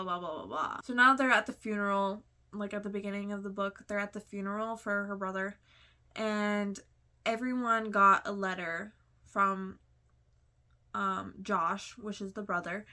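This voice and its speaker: A woman's voice: medium pitch, sharp tone. A young woman chatting casually about books she read, gushing and talkative with lots of fillers. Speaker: book vlogger. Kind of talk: casual book review chat.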